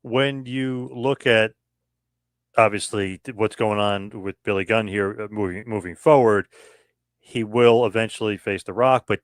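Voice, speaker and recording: A man's voice: lowish voice, unhurried, dry recording, studio quality. Casual man host asking questions. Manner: asks questions, uses "like" and "I mean" as fillers. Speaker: podcast host. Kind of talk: casual podcast chat.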